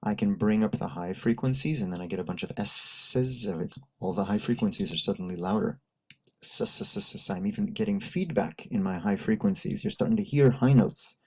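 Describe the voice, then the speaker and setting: A man's voice: lowish voice, fairly quick, few pauses, a little mellow, slightly rough, poor audio. A man leading a live sound workshop, explaining and demonstrating patiently through a microphone and speaker system. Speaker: workshop instructor. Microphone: handheld mic through a PA system.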